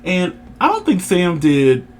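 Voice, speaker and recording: A man co-hosting a casual review chat, animated and teasing as he leads the talk. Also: high voice, slow pace, a little hiss or hum. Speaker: podcast co-host.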